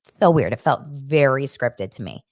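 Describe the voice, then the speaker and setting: A woman hosting a podcast, chatting in a gossipy, animated way as she recaps a reality show. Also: rumbling low, moderate pace, dry recording, studio quality. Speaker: podcast host.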